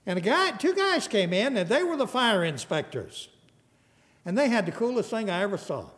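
An older man preaching a sermon, animated, rising loud and then dropping to a soft hush. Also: high voice, moderate pace, long reverb tail. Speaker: pastor.

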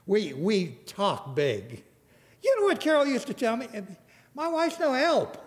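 An older man preaching a sermon, animated, rising loud and then dropping to a soft hush. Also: very high voice, a little slow, long reverb tail. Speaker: pastor.

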